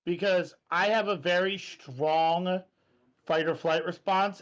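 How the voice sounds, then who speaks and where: Guy with a pretty high voice, earnest, sounds kinda muffled and lo-fi. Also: animated, a little slow, a bit bright. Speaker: podcast co-host. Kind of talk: casual chat. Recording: dull lo-fi mic.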